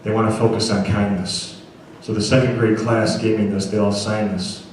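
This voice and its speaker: A man's voice: fairly low pitch, flat delivery, moderate pace, a little mellow, a little hiss or hum. A man giving a motivational storytelling talk to schoolchildren at an assembly, earnestly asking the crowd to agree with him. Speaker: motivational speaker. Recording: very echoey hall, voice from far off.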